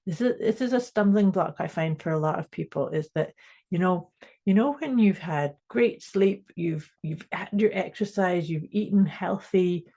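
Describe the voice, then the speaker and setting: A woman's voice: lowish voice, normal speed, dark tone. A woman co-hosting a casual mindset podcast, explaining ideas step by step and laughing easily. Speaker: podcast co-host.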